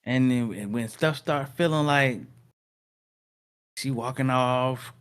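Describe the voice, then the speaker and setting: A man's voice: mid-range voice, takes it slowly, clear, resonant tone. A man co-hosting a reaction stream, chatting loosely and joking about a story. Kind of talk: casual reaction chat.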